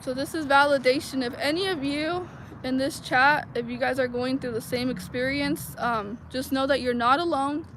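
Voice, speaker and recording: Recorded on a noisy street outdoors, a woman vlogger rambles casually through a personal story for her viewers, leaning heavily on "like." Her high-pitched voice is steady and fairly bright, at a moderate pace.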